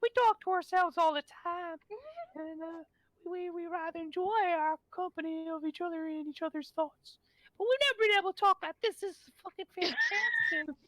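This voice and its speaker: A woman voicing a chatty horde of tiny spore creatures that ramble excitedly and swear. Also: very high-pitched, normal speed, dry recording, voice pushed up, exaggerated voice. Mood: giddy.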